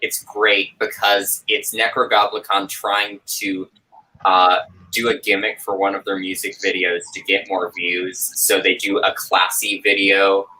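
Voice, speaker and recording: A man with a very low, husky voice talks in a relaxed group chat, keen and upbeat, dropping plenty of "uh"s along the way. His tone comes through bright and forward even though the voice sits deep. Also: unhurried, rough recording. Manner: relaxed, enthusiastic, with frequent "uh" fillers. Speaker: host of a watch-along chat. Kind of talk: casual group chat on a video call.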